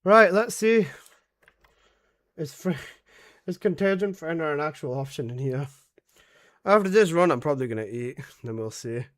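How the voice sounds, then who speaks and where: Young guy streaming a game, kinda high voice, rambly and sarcastic, swears a lot. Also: lively intonation, a little slow, pauses often, fairly bright tone. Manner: rambling, sarcastic, swears freely, talks to teammates. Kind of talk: casual live-stream commentary while playing.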